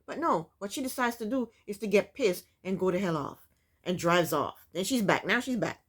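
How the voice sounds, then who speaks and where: Brief: blunt, sassy woman recapping a TV episode in casual commentary, with a very lively, swooping voice. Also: medium pitch, normal speed. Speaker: reality TV recap YouTuber.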